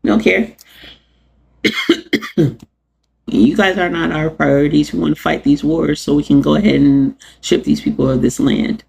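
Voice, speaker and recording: A woman hosts her own show and rants to her viewers with sarcastic, animated energy. Her voice is husky, with a gravelly edge. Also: sits low, normal speed. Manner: animated, sarcastic, laughs often, addresses chat. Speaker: podcast host. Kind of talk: live-streamed rant to viewers.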